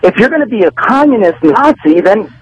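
Male radio caller, high husky voice, agitated and stammering, lively pitch. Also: fairly quick, highs cut off. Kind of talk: heated call-in argument.

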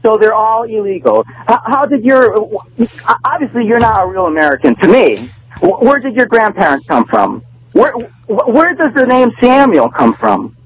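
A man's voice: high voice, very animated, moderate pace, muffled recording, a little hiss or hum. A man calling in to a radio show, arguing in an agitated way and often stammering. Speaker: radio caller. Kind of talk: heated call-in argument.

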